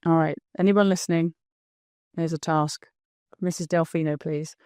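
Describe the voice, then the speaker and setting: A woman hosting a podcast, chatting casually and warmly, with lots of fillers and quick affirmations. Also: low voice, steady tone, clear, resonant tone, no echo, clean studio sound. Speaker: podcast host. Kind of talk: casual interview chat.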